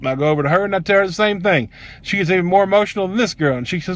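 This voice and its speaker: A man's voice: sits high, very fast, dry recording. Guy, middle-aged, cussing a lot, blunt and worked up telling a story. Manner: blunt, profane, heated. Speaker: vlogger. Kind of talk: casual storytelling.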